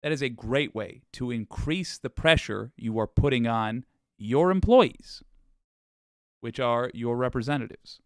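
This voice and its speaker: A young man hosting a political livestream show in a wry, chatty way, with asides and his voice going hoarse. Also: mid-range voice, lively intonation, measured pace, no echo, studio quality. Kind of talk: casual livestream talk.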